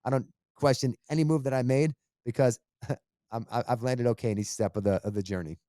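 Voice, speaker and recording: A man's voice: medium pitch, fairly even intonation, fairly quick, warm tone, no room sound, clean studio sound. A middle-aged man, a radio host, telling his career story in a casual, earnest and emphatic way. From Boston area. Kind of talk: casual interview talk.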